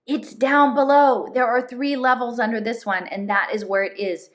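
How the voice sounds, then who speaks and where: A woman's voice: a little high, fairly even intonation, normal speed, pitched above the performer's own voice, lightly acted. A woman reading aloud as an intense older man urging a boy, urgent and coaxing. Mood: fierce.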